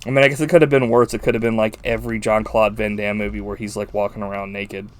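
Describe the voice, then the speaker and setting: Animated, swearing man in casual chat. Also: lowish voice, quick pace. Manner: animated, swears freely, laughs often. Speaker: podcast co-host. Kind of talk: casual chat about a film.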